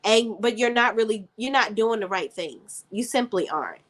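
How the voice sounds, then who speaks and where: A woman's voice: on the high side, lively intonation, normal speed, a bit bright. A woman hosting a casual live stream, recapping a TV drama and chatting sassily with her viewers. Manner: chatty, sassy, reads chat aloud. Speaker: TV recap host.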